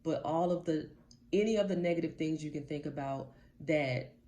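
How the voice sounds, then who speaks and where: In a warm, low voice at normal speed, a woman life coach motivates viewers while speaking directly to the camera. Her manner is blunt and casual, and she repeats key points to stress them.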